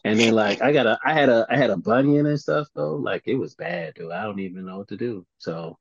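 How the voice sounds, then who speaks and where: A man's voice: fairly low pitch, animated, brisk, gravelly, slightly rough. Rambling jokey man, dull recording. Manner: rambling, jokey, self-mocking. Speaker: podcast co-host. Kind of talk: casual sports chat.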